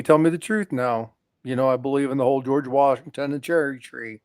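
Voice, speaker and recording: A man's voice: medium pitch, brisk, darkish tone, no echo. A man casually telling long jokes on a live stream, animatedly doing the characters' voices as he goes. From lived in Utah.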